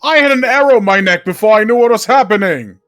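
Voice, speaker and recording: A man's voice: sits high, animated, fairly bright tone. Hesitant man playing a tabletop game. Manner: hesitant, halting speech. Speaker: player. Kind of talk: in-character tabletop play.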